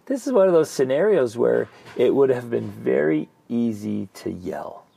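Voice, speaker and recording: Husky gravelly man telling a story. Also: medium pitch, normal speed. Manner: animated, restarts often, voices his own past thoughts. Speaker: podcast co-host. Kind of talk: casual storytelling chat.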